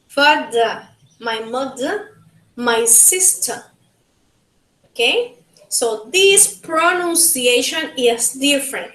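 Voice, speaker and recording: A woman from Panama with a Panamanian Spanish accent, teaching a linguistics class and slowly repeating words to model pronunciation. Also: sits high, pushed and bright, roomy sound, rough recording. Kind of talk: bilingual classroom lecture.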